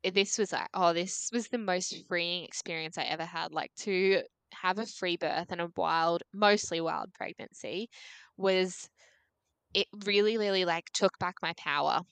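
A woman's voice: on the low side, unhurried, fairly bright tone, clean tone, no room sound. Chatty Australian woman, dry close sound. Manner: chatty, full of "like", acts out dialogue. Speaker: podcast guest. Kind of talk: casual storytelling.

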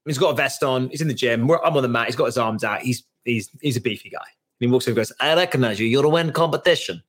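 A man, a startup founder, talking as a podcast guest; animated, swears freely and acts out the voices in his stories. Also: medium pitch, fast talker. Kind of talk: casual podcast storytelling.

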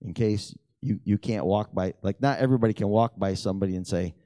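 A middle-aged man telling prayer stories in a lively, animated way, acting out the dialogue. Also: fast, no echo, clean studio sound. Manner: animated storyteller who acts out dialogue with big pitch jumps. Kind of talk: storytelling testimony talk.

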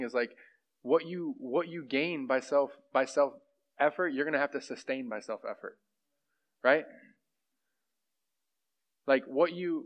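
A man teaching a church group in a casual, conversational way, often checking in with "right?". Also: medium pitch. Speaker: pastor leading a group teaching. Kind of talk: informal sermon and discussion. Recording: dull lo-fi sound.

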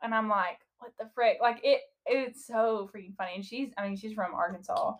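Brief: young Southern woman, giggly and expressive podcast co-host, casual chat. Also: mid-range voice. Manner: giggly, expressive, quick reactions.

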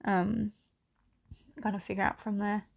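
A young woman talks through her own solo podcast in a loose, rambling way. Her voice sits at an everyday middle pitch, packed with fillers and casual swearing. At times it gets emotional and close to tears. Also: flat delivery, unhurried, vocal fry. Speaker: podcast host. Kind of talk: candid solo podcast monologue.

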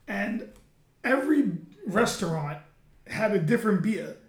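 A man's voice: sits high, animated, unhurried. A man chatting casually as a podcast host, telling blunt, profane stories. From United States. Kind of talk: casual chat. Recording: echoey room.

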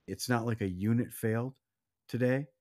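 A man co-hosting a casual sports podcast, speaking earnestly and reflectively, sometimes dropping to a quiet voice. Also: medium pitch, moderate pace. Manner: earnest, reflective, drops to a soft, quiet voice when doubtful. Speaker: podcast co-host.

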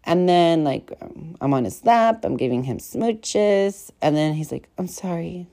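A woman's voice: sits low, lively intonation, unhurried, warm tone. A young woman hosting a podcast, telling stories in a rambling, profane, casual way full of fillers. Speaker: podcast host. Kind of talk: casual storytelling chat.

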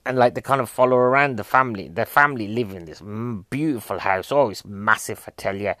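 A man's voice: fairly low pitch, brisk, sharp tone, no echo. Comedian guy rambling on, keeps asking you questions, goes off on tangents, dry close sound. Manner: chatty, asks the audience questions, goes off on tangents. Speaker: stand-up comedian reviewing a film. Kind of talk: rambling comic monologue.

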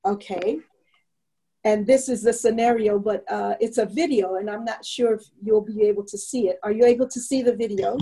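A woman's voice: medium pitch, fairly even intonation, moderate pace, dark tone, rough recording. A woman leading a church class in an online meeting, telling a story and earnestly exhorting her listeners.

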